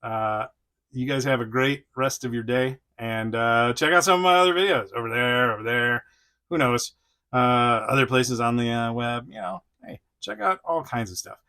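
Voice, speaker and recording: Gravelly, rambling man reviewing toys. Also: medium pitch, moderate pace, sharp tone. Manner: rambling, chuckling, many fillers. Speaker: toy reviewer. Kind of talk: casual unboxing chat.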